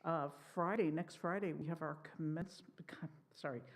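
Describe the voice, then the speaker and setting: A woman's voice: low-pitched, steady tone, moderate pace. A woman board member giving synagogue announcements in a chatty way, with fillers and self-corrections. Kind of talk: service announcements. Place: synagogue sanctuary.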